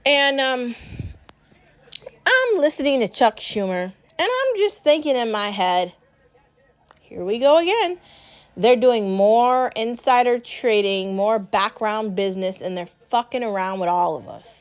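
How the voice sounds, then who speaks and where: A woman's voice: fairly high pitch, expressive, measured pace, smooth, lo-fi sound. A young woman from New England hosting a solo podcast, ranting angrily and swearing a lot. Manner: angry, profane, ranting. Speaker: podcast host. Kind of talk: solo political rant podcast.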